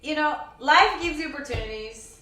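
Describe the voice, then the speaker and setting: A woman's voice: sits high, lively intonation, normal speed, bright, forceful tone. A woman being interviewed as a wrestling promoter and wrestler, chatting casually and filling her talk with "you know" and "girl". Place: convention hall. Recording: roomy echo from a distant mic.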